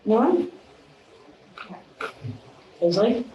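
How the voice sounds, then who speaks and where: Woman teacher quizzing kids on phonics, fairly high voice, echoey meeting room. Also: very animated, lo-fi sound, background noise. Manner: brisk quizzing questions and praise. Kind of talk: classroom phonics demonstration.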